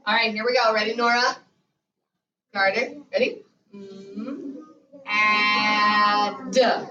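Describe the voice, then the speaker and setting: A woman's voice: on the high side, unhurried, over music. A woman kindergarten teacher leading a call-and-response lesson, drawing out sounds and prompting children in a sing-song way. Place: school classroom, indoors. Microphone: far camera in the room. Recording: echoey, muffled, noisy room recording from far off.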